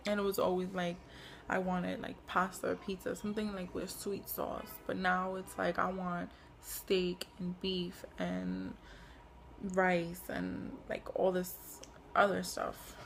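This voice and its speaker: A woman's voice: fairly low pitch, slow, creaky, slight background noise. A young woman chatting casually in a pregnancy vlog, rambling with lots of fillers and short of breath. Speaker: pregnancy vlogger. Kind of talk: casual chat.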